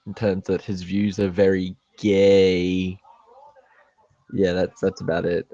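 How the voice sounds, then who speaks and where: A man's voice: low-pitched, monotone, slow, mellow, no echo. A man vlogging in a rambling, joking way, sometimes turning mock-indignant. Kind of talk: rambling solo chat to camera. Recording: dull, dry lo-fi home recording.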